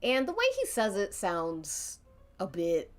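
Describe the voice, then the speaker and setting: A woman's voice: mid-range voice, very animated, takes it slowly, faint music behind. A woman streamer narrating an interactive story in a casual, rambling way, laughing often between lines.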